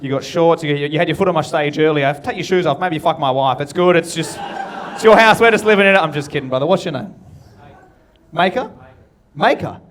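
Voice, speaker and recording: A man's voice: a little high, fast talker, a bit bright. A young Australian man doing stand-up at a comedy club, bantering cheekily and swearing as he works the crowd.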